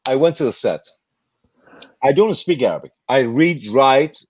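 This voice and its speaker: An older man with a non-native English accent, an actor guest telling lively anecdotes over a video call and acting out the voices in them. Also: medium pitch, moderate pace, no room sound. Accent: speaks English with a non-native accent. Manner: lively, acts out voices in his stories. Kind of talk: animated anecdote storytelling.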